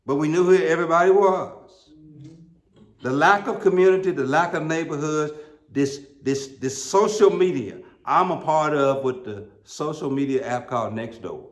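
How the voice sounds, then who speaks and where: A middle-aged American man preaching a sermon as pastor, telling folksy, humorous stories with emphatic peaks. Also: a little high. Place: church sanctuary. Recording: roomy church sound.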